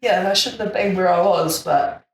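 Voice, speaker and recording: Animated New Zealand woman in a roomy space. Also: fairly low pitch, a little fast. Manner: animated storytelling, laughing, swearing, slangy. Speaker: podcast host. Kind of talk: casual chat. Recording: roomy, distant mic, faint ambience.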